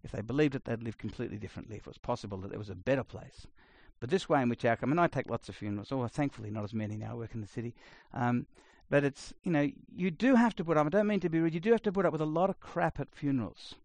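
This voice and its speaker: A middle-aged man preaching a sermon, blunt and conversational, swinging between loud emphasis and quiet asides. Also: mid-range voice, rapid-fire, few pauses, no room sound. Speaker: pastor.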